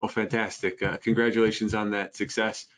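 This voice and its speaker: A man's voice: lowish voice, flat delivery, brisk, a bit bright. A man hosting a business podcast, chatty and friendly, with frequent fillers as he asks questions. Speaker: podcast host.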